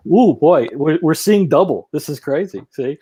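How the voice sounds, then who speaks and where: A man's voice: a little high, animated, moderate pace, dark tone, slightly rough. A man hosting a live paranormal stream, bantering upbeat with his guests over a video call. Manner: upbeat, bantering, laughs a lot. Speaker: host. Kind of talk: casual live-stream chat.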